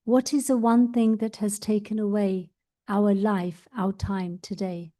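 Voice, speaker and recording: A woman meditation teacher gives a spiritual talk at an unhurried, slow pace. Her voice is mellow and dark, and she tells stories gently, slipping into the voices of her characters. Her pitch sits in a middle range. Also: little pitch movement.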